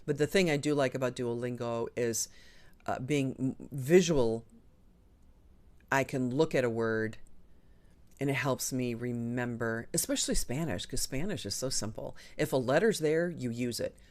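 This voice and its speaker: A woman hosting a live online show, chatting casually and enthusiastically with frequent ums and a lively, swinging delivery. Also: very deep voice, normal speed. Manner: chatty and enthusiastic, talks with her hands in the air of her voice, frequent ums. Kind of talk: casual live-stream chat.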